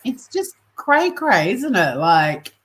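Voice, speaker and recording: A woman's voice: medium pitch, very animated, slow. A woman co-hosting a podcast in casual chat, blunt and sweary, ranting with energy. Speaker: podcast co-host.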